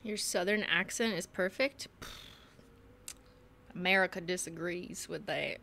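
A woman's voice: lowish voice, unhurried, creaky, pushed and bright, a little hiss or hum. A young woman streaming a game live, chatty and giggly, swearing freely and slipping into joke voices. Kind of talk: casual live gameplay commentary.

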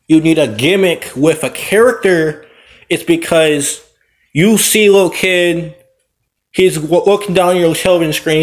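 Man with a fairly high voice for casual gameplay commentary. He rambles, circles back and corrects himself. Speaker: wrestler and vlogger. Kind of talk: casual opinion vlog over gameplay.

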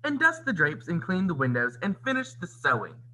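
A man's voice: high voice, wildly swooping pitch, brisk, bright, forceful tone, a little hiss or hum, voice pushed up, exaggerated voice, rough recording. A man voicing a cruel, bossy older stepmother in a read-aloud storybook, with a cold, clipped way of giving orders. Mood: commanding.

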